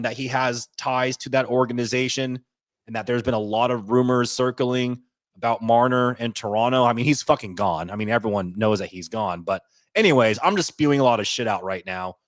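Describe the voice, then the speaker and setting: A man chatting easily on a podcast, loose and casual, dropping curse words without fuss. He records on a close mic in a dry room with no echo. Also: mid-range voice. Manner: relaxed, loose, swearing. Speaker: podcast co-host. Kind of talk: casual sports chat.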